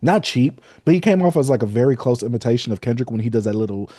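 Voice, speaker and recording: A man co-hosting a music podcast, giving laid-back, opinionated reviews in casual chat with drawn-out fillers. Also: medium pitch, animated, warm tone, dry recording, clean studio sound. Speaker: podcast co-host.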